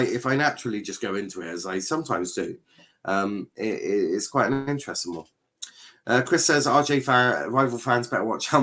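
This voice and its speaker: Male football-show host, lowish voice, casual and rambling, heavy on fillers. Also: bright, forceful tone. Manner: rambling, reads viewer comments aloud; hesitant, lots of fillers and restarts. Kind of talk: casual live-stream chat.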